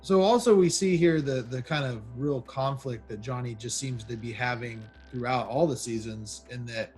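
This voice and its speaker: Thoughtful man talking slowly through ideas. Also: medium pitch. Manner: measured and thoughtful, many ums and uhs. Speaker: podcast panelist. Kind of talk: casual discussion of a TV show.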